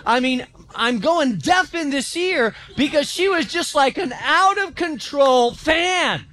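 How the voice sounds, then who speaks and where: A pastor preaching a sermon in a church, telling stories with animation and acting out quotes. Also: male voice, very high voice, slow, few pauses. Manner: animated storytelling, acts out quotes.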